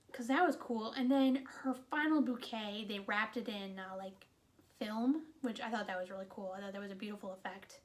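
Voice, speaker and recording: A woman giving a casual, chatty movie review, retelling the plot with animated, exasperated asides and lots of "like". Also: medium pitch.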